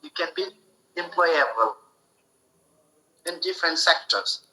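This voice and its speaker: A man teaches a spoken English lesson in a very bright, somewhat high voice. He explains slowly and deliberately, circling back to repeat and restart his phrases. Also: animated, low-quality recording.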